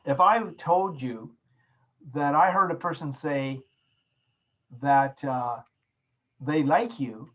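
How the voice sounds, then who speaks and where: A man teaching a course over a video call, explaining slowly and illustrating points with everyday examples. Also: fairly high pitch, a bit bright, poor audio. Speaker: course instructor. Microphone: video call microphone.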